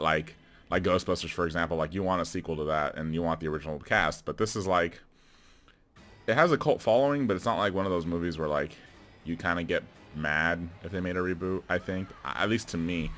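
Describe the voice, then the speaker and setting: A man's voice: deep voice, a little fast, fairly bright tone. A man talking casually to camera about a film, rambling with many fillers and restarts and chuckling between remarks. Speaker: video creator. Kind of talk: casual movie commentary.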